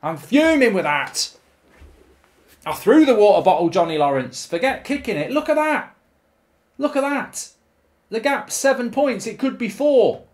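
A man's voice: very high voice, sing-song, measured pace, pauses often. A man hosting his own channel, giving live commentary over a football management game, full of ranting, swearing and exasperated outbursts. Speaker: gaming YouTuber host.

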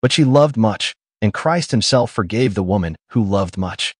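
A man's voice: lowish voice, expressive, normal speed, breathy edge, dry recording, studio quality. A man voicing a buffoonish, lying old father who splutters and rants theatrically in an audiobook. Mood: mocking. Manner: shouting, mocking, self-dramatizing. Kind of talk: audiobook character reading.

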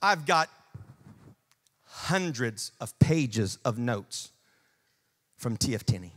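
A man preaching a sermon as pastor in a church, dropping to quiet asides and rising to shouts. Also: sing-song, slow. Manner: swings from low murmurs to shouted preaching.

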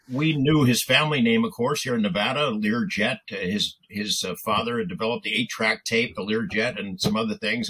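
An older man, a TV news reporter and guest, steadily recounting a story in detail, pausing on "uh" as he goes. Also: fairly low pitch, bright, forceful tone, slightly rough, low-quality recording. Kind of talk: anecdotal storytelling.

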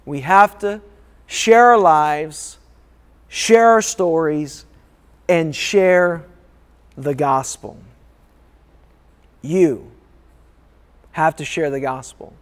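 A man's voice: on the high side, extremely slow, pauses often. A man preaching a sermon as a pastor, emphatic and repetitive, calling for responses from the congregation. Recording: long reverb of a large hall.

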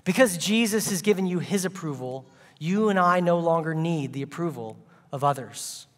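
A man's voice: on the high side, animated, moderate pace, long reverb tail. A man preaching a sermon as a guest speaker, telling a funny story with playful asides and comic timing.

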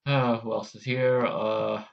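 A man's voice: on the low side, little pitch movement, takes it slowly, creaky, highs cut off, a little hiss or hum. A man hosting a casual vlog, hesitant and self-deprecating as he tries out character voices. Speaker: channel host.

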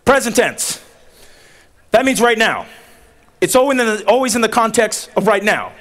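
A man giving a commencement sermon, driving points home with rhythmic repetition and pauses. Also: high-pitched, sing-song, fairly bright tone. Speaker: commencement speaker.

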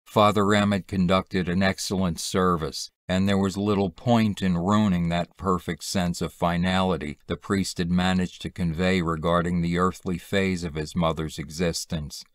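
Deep-voiced man reading a horror story. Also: no echo, clean studio sound. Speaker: reader of a horror short story. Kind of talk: scripted narration.

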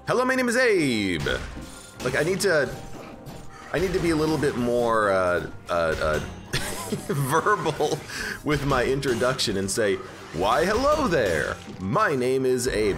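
Guy streaming a game, rambly and self-correcting, voice bouncing all over, loud game music behind. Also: medium pitch. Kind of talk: casual let's-play commentary.

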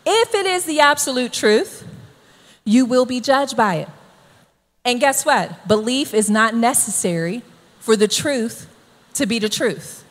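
A woman preaching a sermon, emphatic and animated, often checking in with "right?". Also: a little high, in a large hall. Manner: emphatic, keeps asking "right?".

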